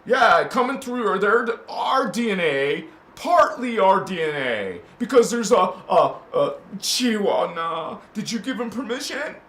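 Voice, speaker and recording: A man with a bright, slightly high voice talks slowly about spirituality, drifting from hushed thoughts into fervent shouts. The room is echoey, and there is a faint hiss behind him. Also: sing-song. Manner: rambling, swings from hushed musing to shouting. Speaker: spiritual channel host. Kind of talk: impassioned spiritual talk.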